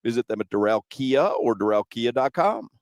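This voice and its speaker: A male radio sports talk host at a live arena broadcast, chatting casually, teasing his co-hosts and reading sponsor copy smoothly. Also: medium pitch, big pitch swings, moderate pace, dry recording.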